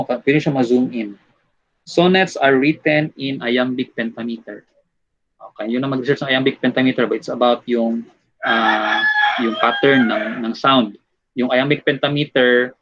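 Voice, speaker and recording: A man with a Filipino accent teaching an online exam review class. He switches languages and uses many fillers, and he explains slowly and reads examples aloud. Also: medium pitch, steady tone, fairly bright tone, no room sound. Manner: switches between English, Tagalog and Cebuano with many fillers. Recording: dull lo-fi audio.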